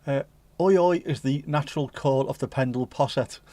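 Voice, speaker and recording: This is a man hosting a relaxed livestream, wandering from one aside to the next with slang and the odd swear word. His voice sits in an ordinary middle pitch. The sound is dry and close, with no room echo. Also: moderate pace. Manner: rambling, jokey and sweary, full of British slang. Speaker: livestream host. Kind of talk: casual livestream chat, reading out viewer messages.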